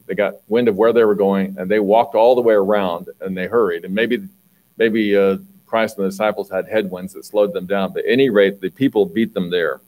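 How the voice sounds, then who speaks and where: A man preaching a conversational sermon, reading Bible passages and explaining them, often clearing his throat. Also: lowish voice, fairly even intonation, normal speed, a little mellow, poor audio.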